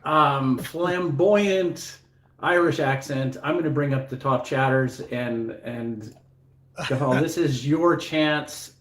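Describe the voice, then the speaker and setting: A man hosting a live stream, directing his guests in a brisk, take-charge way. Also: medium pitch. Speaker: host. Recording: echoey room.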